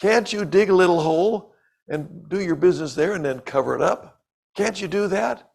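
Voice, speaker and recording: An older man doing a cross puppet tiger who scolds with pointed, exasperated questions. The voice is pitched up from his own and keeps a gravelly edge. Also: normal speed, a little mellow.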